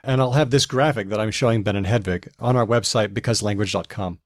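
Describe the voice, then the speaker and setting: A man's voice: lowish voice, fast talker, no echo. Dry-voiced man explaining word usage. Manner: explanatory, leading the discussion. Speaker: podcast co-host. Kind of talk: casual chat.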